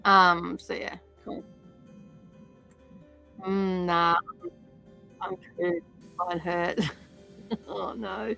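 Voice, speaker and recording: A woman's voice: fairly low pitch, flat delivery, extremely slow, vocal fry, long pauses, bright, forceful tone, clean tone, faint music behind, poor audio. A woman hosting a stitch-along livestream, chatting casually with many fillers and drifting from the mic while she sorts threads.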